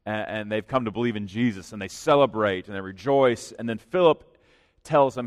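A pastor preaching in a church, with an earnest, conversational delivery that rises for emphasis. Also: male voice, on the low side, moderate pace. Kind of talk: sermon. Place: church sanctuary. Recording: long reverb of a large hall.

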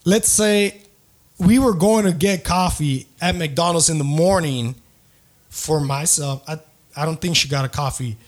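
A man's voice: fairly high pitch, measured pace. Rambling, profane male podcast host. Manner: profane, rambling, slangy with Spanish bits. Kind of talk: casual storytelling.

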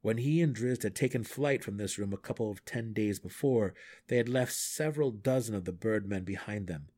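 A man reading a fantasy novel aloud in steady, measured storytelling. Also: on the low side. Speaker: audiobook reader. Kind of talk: fan audiobook narration.

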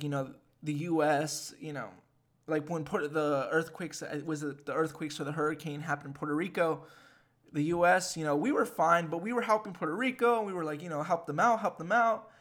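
Animated, foul-mouthed young man ranting. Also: fairly high pitch. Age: 20s. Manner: animated and profane, with frequent fillers. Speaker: podcast host. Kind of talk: casual ranting monologue.

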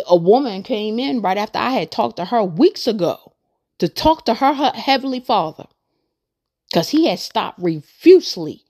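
A woman with a medium-pitched, slightly mellow voice and some vocal fry hosts a podcast. She talks about her faith casually, earnest and rambling, repeating her points for emphasis.

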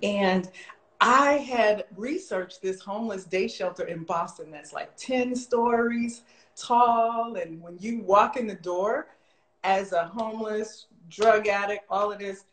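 A middle-aged woman telling a long personal story in casual chat, animated and full of "like" fillers, jumping high in pitch when she quotes people. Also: takes it slowly. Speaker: guest telling her story. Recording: roomy echo.

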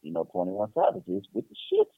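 A man's voice: deep voice, huge pitch swings, a little fast, breathy edge, no echo, narrow, tinny audio. A man co-hosting a podcast, giving opinionated, slangy, rambling takes in casual chat. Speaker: podcast co-host.

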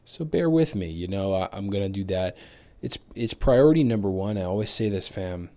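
Candid low-voiced fitness podcaster. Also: male voice, animated, normal speed, warm tone. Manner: candid, motivational, loose and profane. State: recovering from illness. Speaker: fitness coach and podcast host. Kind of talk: casual solo podcast monologue.

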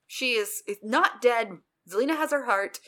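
A young woman co-hosting a podcast casually recaps an episode, animated and sarcastic, tossing in asides and acting out quotes. Her voice is a little high and her pace moderate.

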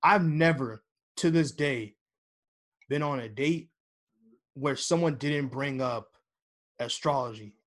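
A man's voice: mid-range voice, slow, pauses often. Rambling young man hosting a podcast. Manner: rambling, filler-heavy, restarts often. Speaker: podcast host. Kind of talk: casual podcast chat.

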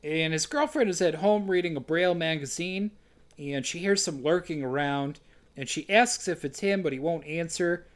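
High-voiced man recapping with sarcastic asides. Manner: sarcastic, quick asides, acts out lines in silly voices. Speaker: podcast co-host recapping a film. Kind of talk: casual comedic chat.

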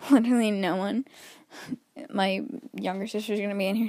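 A woman's voice: mid-range voice, flat delivery, a little fast, darkish tone. A teenage girl hosting her own podcast alone, talking nervously and rambling with lots of restarts, a little wheezy, while pacing around her bedroom. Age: teens. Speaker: podcast host. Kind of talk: solo podcast chat.

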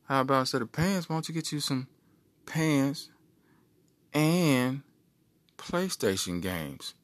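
A man's voice: medium pitch, lively intonation, slow pace, dry recording, voice pushed up. A man voicing the persuasive inner voice of his own brain, talking him into spending. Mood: scheming. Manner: persuasive, wheedling. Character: scheming inner voice of a teen boy's brain.

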